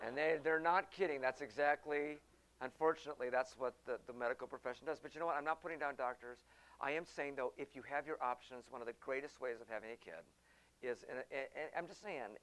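A middle-aged man hosting a talk, telling a personal story in an animated way and acting out the people he quotes. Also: mid-range voice, rough recording.

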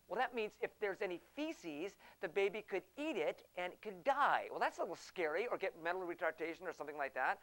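A middle-aged man hosting a talk, telling a personal story in an animated way and acting out the people he quotes. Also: on the high side, a little fast, poor audio.

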